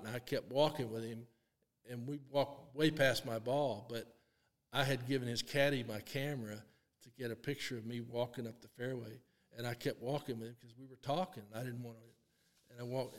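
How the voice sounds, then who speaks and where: Older man telling a story, reverberant room. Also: mid-range voice. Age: 60s. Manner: animated storyteller, acts out quotes, laughs often. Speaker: guest, long drive champion. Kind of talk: casual storytelling.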